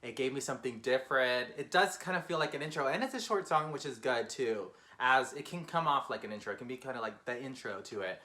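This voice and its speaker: Bright-voiced man reacting fast and excitedly. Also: mid-range voice. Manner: fast-talking, emotional, exclamatory. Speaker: music reaction host. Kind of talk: casual reaction commentary.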